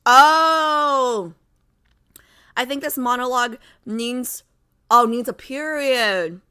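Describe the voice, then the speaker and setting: Bright-voiced chatty woman streamer. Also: fairly high pitch, measured pace, clean tone. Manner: rambling, chatty, full of fillers and asides. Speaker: livestream host. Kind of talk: casual chat with live viewers.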